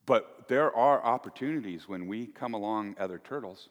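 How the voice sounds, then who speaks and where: A male pastor giving a folksy, animated sermon with playful asides to the congregation. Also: fairly low pitch, normal speed. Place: church. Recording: echoey church hall.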